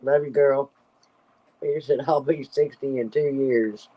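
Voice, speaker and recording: A woman's voice: extremely low pitch, steady tone, measured pace, mellow. A woman hosting a casual live stream, reading viewer comments aloud and laughing constantly until she is breathless. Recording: slightly dull lo-fi audio.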